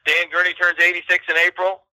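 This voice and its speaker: Fast-talking bright man telling stories. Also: high voice, monotone, no room sound, poor audio. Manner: chatty anecdotes with quoted voices. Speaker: co-host. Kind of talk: casual podcast chat, storytelling.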